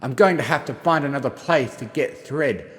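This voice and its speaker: A man narrating a first-person journal as an audiobook, reading expressively and shifting between gruff and frightened delivery. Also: mid-range voice, normal speed, long reverb tail. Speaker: audiobook reader.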